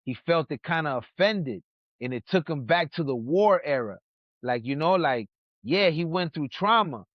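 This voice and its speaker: Guy from new york spinning wild stories on a podcast, kinda high voice, dry muffled mic. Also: normal speed, no echo. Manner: animated, acts out other people's lines in his stories. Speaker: podcast host. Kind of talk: casual storytelling chat. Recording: dull lo-fi sound.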